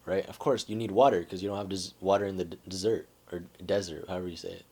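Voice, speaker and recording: A man with a somewhat low, husky voice talks through an idea in a loose, conversational way. He keeps asking "right?" to check that the listener is following. It sounds like a relaxed self-help vlog. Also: very fast. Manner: conversational, says "right?" and "like" often. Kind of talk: casual explainer monologue.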